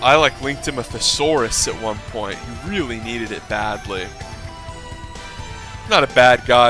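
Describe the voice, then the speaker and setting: A man's voice: mid-range voice, bright, forceful tone. A man commentating his own game match with brash, profane ranting asides. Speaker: gameplay commentator.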